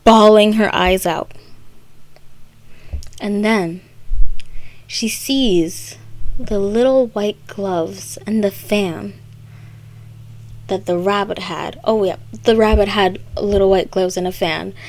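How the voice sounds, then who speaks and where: Slow-talking sarcastic young woman. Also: mid-range voice, a little mellow. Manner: sarcastic, rambling asides. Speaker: video creator. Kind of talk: comedic story recap.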